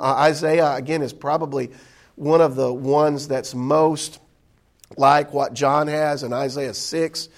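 A man's voice: fairly high pitch, creaky. A man teaching a Bible study class in an indoor room, talking conversationally with many fillers and restarts.

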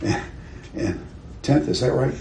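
A man's voice: medium pitch, lively intonation, a little slow, gravelly, darkish tone. Older man teaching a Bible class. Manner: conversational, questions the class, chuckles at his own stories. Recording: roomy with faint background noise.

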